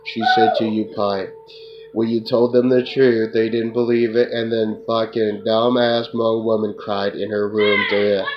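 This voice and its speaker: A man's voice: lowish voice, flat delivery, a little slow. A man in a rambling, profane monologue, talking to an unseen listener and tacking "duh" onto his sentences. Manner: repetitive, profane, tacks on "duh". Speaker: self-described remote viewer. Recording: muffled lo-fi with loud hiss.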